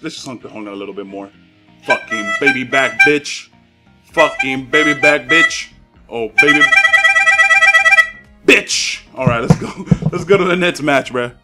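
A man giving excitable, profane live commentary over his own game matches, trash-talking opponents and hyping his plays. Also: fairly high pitch. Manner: excitable, profane trash talk, swings between hype shouts and mutters. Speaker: gaming YouTuber.

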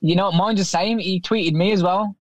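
A man's voice: sits high, steady tone, moderate pace, highs cut off, a crowd in the background. A male boxer guesting on a podcast, laid-back, telling stories with easy humour. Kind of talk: casual chat.

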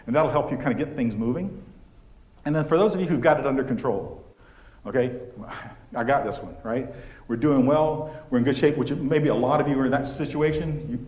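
A man giving a conference keynote, telling stories in a chatty, animated way with frequent fillers. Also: mid-range voice. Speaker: keynote speaker. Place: conference venue. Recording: echoey conference hall.

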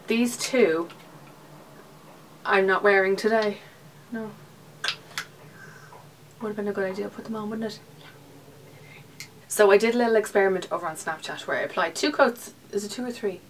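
Chatty young Irish woman vlogging. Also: mid-range voice. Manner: chatty and rambling, drops into breathy whispers for asides. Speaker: beauty vlogger. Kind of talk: casual monthly favourites chat. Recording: slightly distant mic with faint hiss.

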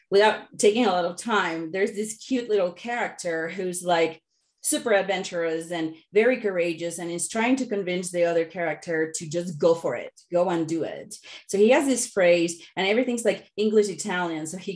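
A middle-aged woman coach giving an online workshop talk, chatty and lively, telling loose stories. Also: lowish voice.

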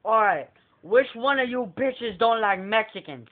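A man's voice: high voice, unhurried. A young man doing an impression of a famous male stand-up comedian, telling a prank story and acting out the characters' voices. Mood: animated storytelling. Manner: animated storytelling that acts out several characters' voices. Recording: tinny phone-like lo-fi recording.

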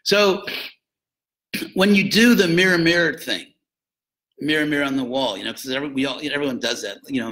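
An older man giving an informal, conversational lecture to students as a spiritual teacher, with joking asides and animated emphasis. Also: a little high, moderate pace, pauses often, poor audio.

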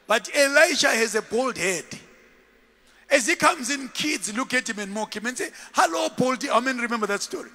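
A man preaching a sermon as a bishop, dramatic and animated, jumping from shouts to low murmurs. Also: moderate pace, big-room sound.

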